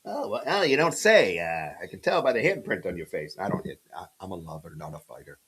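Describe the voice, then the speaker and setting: A man putting on a voice for a sarcastic neighbor in a quick comic skit on a podcast. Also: sits low, big pitch swings, a bit bright, husky, pitched below the performer's own voice, heavily acted. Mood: dry sarcasm.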